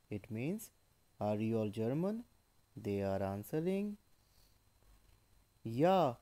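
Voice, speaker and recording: A man's voice: medium pitch, sing-song, slow, mellow. A man teaching a language lesson in a patient, explanatory way, repeating and translating each phrase. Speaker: German teacher.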